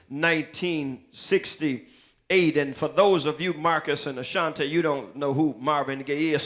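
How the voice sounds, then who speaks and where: A man preaching a sermon in church, calling out listeners by name and half-chanting quoted song lines, rising and loud. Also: on the high side. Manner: names listeners in the pews as he preaches. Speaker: pastor. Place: church sanctuary.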